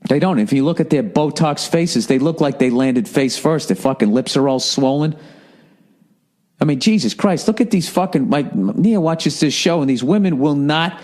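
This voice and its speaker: A man's voice: a little high, animated, normal speed, a little mellow. Profane, ranting podcast host man. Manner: profane, exasperated storytelling. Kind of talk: comedic monologue rant.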